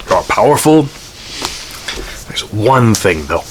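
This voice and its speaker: A man voicing a calm, clever young male hunter who speaks plainly and steadily. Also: fairly low pitch, takes it slowly, a little hiss or hum. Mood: steady.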